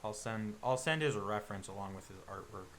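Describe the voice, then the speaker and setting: Game master, male, bright sharp voice, loose rambling narration. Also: fairly low pitch, a little fast, slight background noise.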